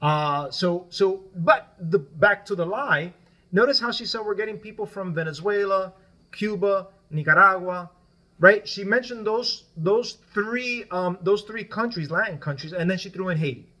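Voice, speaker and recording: A man whose first language is Spanish appears as a guest on a casual political podcast, explaining his points at length and repeatedly checking in with "right?". His voice is high-pitched, pushed, and bright, at a moderate pace.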